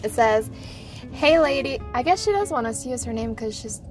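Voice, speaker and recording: A woman's voice: on the high side, moderate pace, soft background music. Chatty woman reading a listener story. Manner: animated storyteller, laughs and breaks into giggles. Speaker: podcast co-host. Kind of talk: casual podcast chat, reading a listener story.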